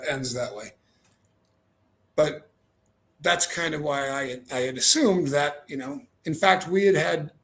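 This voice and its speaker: Hesitant man co-host, slightly high voice. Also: a bit bright. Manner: rambling, hesitant with many fillers. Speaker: co-host of a live stream. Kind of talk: casual live-stream chat.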